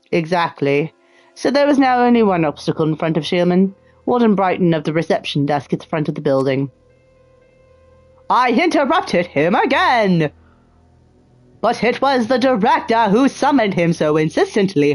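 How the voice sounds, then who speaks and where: A woman streamer reading a detective game's text aloud, her pitch swinging widely as she dramatizes it, then cutting in with sarcastic, profane asides. Her voice is dry and close, with faint music behind her. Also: very animated, moderate pace, a little mellow, no echo. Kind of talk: gameplay commentary, reading game text aloud.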